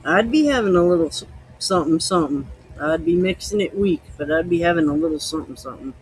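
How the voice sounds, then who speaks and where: A man's voice: fairly high pitch, lively intonation, fast, a little hiss or hum, poor audio. A man hosting a podcast, chatting casually in a loose, rambling way while he tastes liquor. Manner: rambling, loose, easygoing storytelling. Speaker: podcast host.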